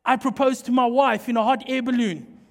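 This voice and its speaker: Preacher, animated and playful, long church-hall reverb. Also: male voice, very high-pitched, fairly quick. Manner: animated, playful, jokes with the congregation. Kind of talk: sermon with humorous storytelling.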